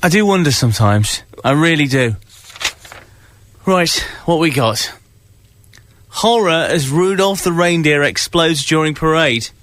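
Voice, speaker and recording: A man's voice: a little high, lively intonation, a little slow, a bit bright. A man from England, hosting a breakfast radio show and teasing his co-host while reading news in mock-dramatic tones. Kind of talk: casual radio banter.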